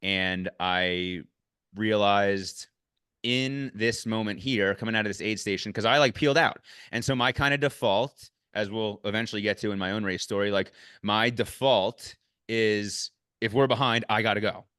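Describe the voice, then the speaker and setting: Low smooth-voiced man, dry sound. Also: normal speed, no room sound. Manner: candid, swears freely, animated when retelling. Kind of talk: casual conversational recap.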